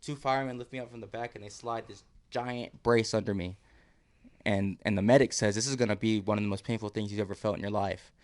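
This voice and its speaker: A man's voice: lowish voice, fairly even intonation, fast talker, darkish tone. A man, a podcast guest, telling a story casually, acting out quotes and laughing often.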